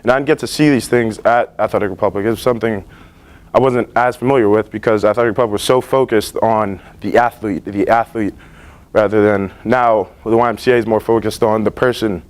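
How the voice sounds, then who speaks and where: A young man in his late teens giving a class presentation about his internships, earnest and relaxed, with many fillers and restarts. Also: lowish voice, a little fast. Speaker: student presenter. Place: school library.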